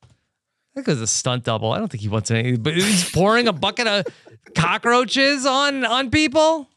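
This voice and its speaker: A man hosting a podcast, chatting casually with wry, low-key remarks about a reality show. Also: sing-song, moderate pace, pushed and bright, dry recording, clean studio sound. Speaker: podcast host. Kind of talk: casual recap chat.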